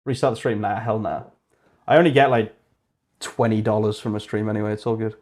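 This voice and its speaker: A young man on a coding livestream speaks fairly quickly in a lowish voice. Chatting casually, he swears freely, works through ideas aloud, and murmurs code notes in a flat tone.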